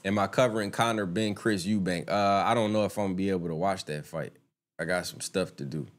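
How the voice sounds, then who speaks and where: A deep-voiced man talks fast on a casual live stream, addressing his viewers directly. He swears freely and gets heated and indignant whenever he launches into a rant.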